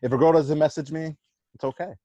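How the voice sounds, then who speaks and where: A man co-hosting a podcast, telling stories in casual chat, swearing a lot and animated. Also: fairly high pitch, brisk, dry recording, highs cut off. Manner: profane, animated storytelling. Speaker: podcast co-host.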